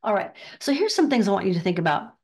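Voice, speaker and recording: An older woman giving a casual spiritual talk, chatty and riffing, acting out bits of gossip in quick voices. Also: mid-range voice, very animated, darkish tone. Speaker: spiritual teacher.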